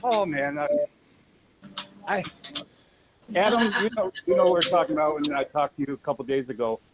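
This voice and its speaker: A man's voice: a little high, normal speed, over a noisy crowd, low-quality recording. A man co-hosting a casual remote podcast, telling long rambling stories full of fillers. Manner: rambling storyteller, many fillers and restarts. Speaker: podcast co-host. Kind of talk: casual podcast chat over remote call.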